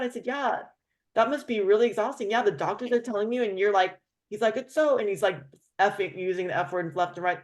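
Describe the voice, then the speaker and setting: A woman hosts a relaxed conversation, spinning a story with animated flair. She slips into the voices of the people she quotes. Her voice sits at a middle pitch. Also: fast. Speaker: host. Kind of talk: casual chat.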